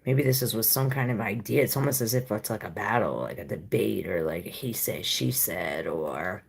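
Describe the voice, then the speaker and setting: A woman's voice: very deep voice, moderate pace, vocal fry, a little hiss or hum. A woman giving a casual tarot reading, talking to her viewers in a loose, rambling, informal way. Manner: chatty, talks to viewers directly. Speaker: tarot reader.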